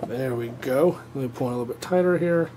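A man directing from behind the camera in quick, brief remarks, recorded from a distance. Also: medium pitch, warm tone, slight background noise.

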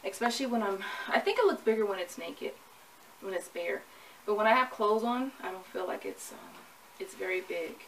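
A woman's voice: medium pitch, very animated, normal speed, a bit bright, distant mic, rough recording. A young woman chatting casually to camera in a pregnancy vlog, rambling and laughing at herself, hot and sweaty. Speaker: vlogger. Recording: from the mic with faint ambient noise.

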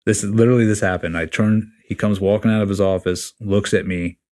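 A man's voice: fairly low pitch, fairly quick. A man in his forties, a podcast guest, telling his story bluntly and casually, swearing freely and acting out what others said. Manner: blunt, profane, animated retelling with quoted dialogue. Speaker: podcast guest, retiring Navy SEAL chief.

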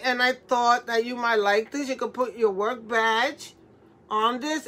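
Selling jewelry on a live stream, this middle-aged woman chats emotionally, laughing and crying through her words. Her voice sits high with a fairly bright tone, and she warmly welcomes viewers by name, calling them mamacita.

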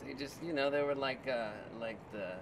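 A man's voice: medium pitch, normal speed, distant mic, background noise. Laid-back man, mumbled short answers. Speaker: musician guest. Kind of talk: casual chat.

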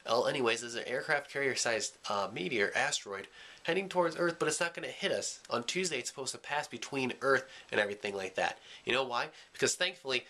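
A man's voice: mid-range voice, lively intonation, fast talker, pushed and bright. A young man vlogging in a casual, goofy, rambling way, full of jokes and fillers.

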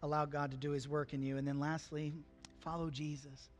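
A man's voice: a little high, level tone, a little fast, faint music behind. A man preaching a sermon, talking to the congregation in an earnest, conversational way and lifting his voice for emphasis. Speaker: pastor.

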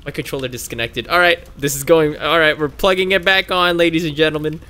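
A man's voice: on the high side, fast, clear, resonant tone. A young man casually commenting on a co-op game, laughing, swearing and yelping whenever his character gets hit. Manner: laughing, excitable, swears, yelps when hit. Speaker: co-op gameplay streamer.

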